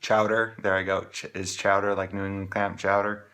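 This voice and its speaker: Man, vlogger from Maine, bright forceful voice, lowish pitch, halting and rambling. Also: little pitch movement. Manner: rambling, halting, many restarts and fillers. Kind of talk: casual talk to camera.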